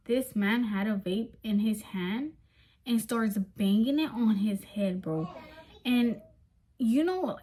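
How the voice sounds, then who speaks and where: Young woman, storytime vlog, emphatic, slangy, fairly high voice, faint background noise. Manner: animated, emphatic, constant slang fillers.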